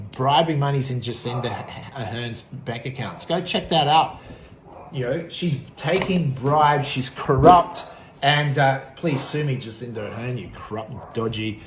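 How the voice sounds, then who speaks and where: An Australian man delivering an angry political rant to camera. His talk is profane and combative, and he swings between shouting and muttering. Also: fairly high pitch, slight background noise. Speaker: vlogger. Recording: echoey room.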